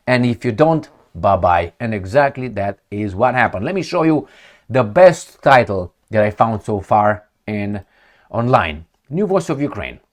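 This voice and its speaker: A man giving opinionated commentary on news headlines, mocking and emphatic, often repeating himself for effect. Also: medium pitch. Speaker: political commentator.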